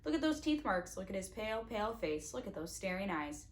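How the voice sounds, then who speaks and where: A woman's voice: medium pitch, very animated, brisk, a little hiss or hum, natural voice. A woman reading a storybook aloud, voicing a sneering, menacing adult male villain with a mocking, threatening manner. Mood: taunting.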